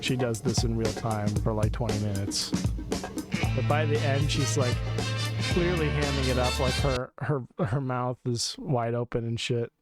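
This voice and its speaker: A man's voice: mid-range voice, unhurried, over loud music. A man co-hosting a podcast, chatting casually and profanely while reacting to videos. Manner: profane, amused, rambling. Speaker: podcast co-host.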